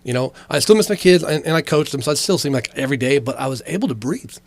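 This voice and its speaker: A man's voice: fairly high pitch, lively intonation, racing. A middle-aged man hosting a podcast, chatting casually in a loose, profane way. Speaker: podcast host. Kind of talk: casual chat.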